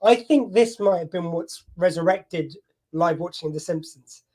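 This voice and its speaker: A man hosting a casual streamed chat, making dry, quick remarks. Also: sits high, mellow. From Britain.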